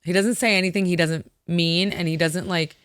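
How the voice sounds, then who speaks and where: A woman in her thirties with a fairly low voice tells a story as an interview guest, animated and quick to put on voices for the people she quotes, swearing now and then. The sound is close and dry, with no room around it. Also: clear, resonant tone, no echo. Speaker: interview guest, former wrestler. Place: studio.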